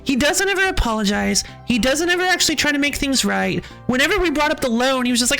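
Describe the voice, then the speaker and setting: A woman's voice: high voice, sing-song, fast, vocal fry, hardly any pauses, sharp tone, faint music behind. A woman streamer chatting casually while playing, ranting with frequent laughs and sighs. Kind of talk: casual game stream chat.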